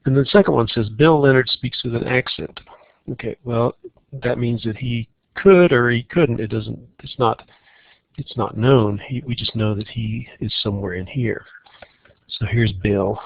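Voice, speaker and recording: A man teaching a recorded math lesson on logic problems, walking through each problem in a relaxed way and thinking aloud. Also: medium pitch, measured pace, gravelly, no echo, lo-fi sound.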